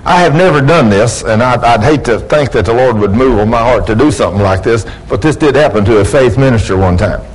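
In church before his congregation, a male preacher gives a sermon and performs the dialogue in his stories with mounting emphasis. His medium-pitched voice is expressive with a breathy edge, and he talks fairly quickly with hardly any pauses. The audio is poor.

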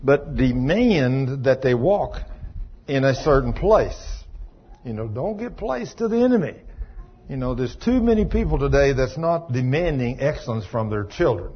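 A man preaching a folksy, storytelling sermon in a colloquial, animated way. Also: mid-range voice, moderate pace, husky, dull audio. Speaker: pastor.

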